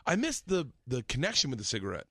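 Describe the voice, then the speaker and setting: A tipsy man telling rowdy stories in casual chat, laughing and breaking into animated impressions. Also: mid-range voice, fast, breathy edge, no room sound. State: tipsy from drinking.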